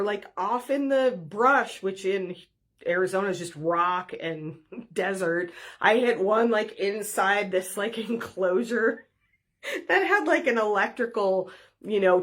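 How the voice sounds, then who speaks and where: A middle-aged woman hosting a podcast, telling personal stories in a chatty, casual way, full of "like" and light laughter. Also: on the low side. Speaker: podcast host. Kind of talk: casual storytelling monologue.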